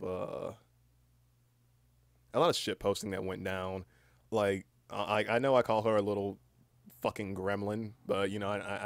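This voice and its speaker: A man's voice: low-pitched, vocal fry, dry recording. A young man, just woken up, rambling through a casual stream chat with a cracking voice and lots of restarts. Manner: rambling, many fillers and restarts, swears casually. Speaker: livestreamer.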